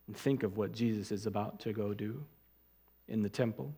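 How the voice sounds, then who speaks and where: A man preaching an expository sermon, stressing key words loudly and dropping to quiet asides. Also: lowish voice, slightly rough. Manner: emphatic, deliberate, swings from loud stresses to quiet asides. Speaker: pastor. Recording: long hall reverb.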